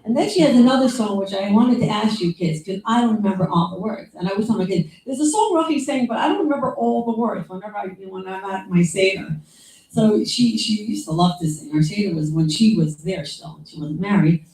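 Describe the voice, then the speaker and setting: A woman's voice: mid-range voice, fairly quick, darkish tone. A woman giving informal memorial remarks as a younger sister, talking in a rambling, conversational way full of asides and quoted lines. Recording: echoey room from some distance.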